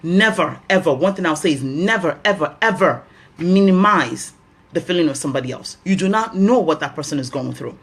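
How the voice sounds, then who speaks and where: A woman's voice: low voice, expressive, fairly quick, breathy edge. A woman with a Nigerian accent hosting a health talk, giving earnest advice and repeating key phrases for emphasis.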